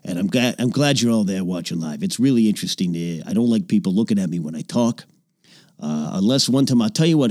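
A man in character as an aging, boastful old-Hollywood film producer who hosts a comedy podcast, rambling and name-dropping, sometimes dropping into low confidential mutters. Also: a little mellow, dry recording, studio quality. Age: older. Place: small home recording nook.

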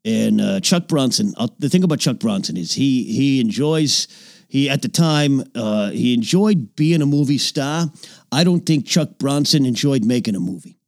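A man plays an aging old-Hollywood film producer hosting a comedy podcast. He rambles from story to story, name-drops, and slips into low confidential mutters. His mid-range voice sounds dry and close, as if recorded in a small home nook. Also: lively intonation, normal speed, creaky, dry recording. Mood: rambling. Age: older. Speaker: podcast host in character. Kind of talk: improvised character comedy podcast.

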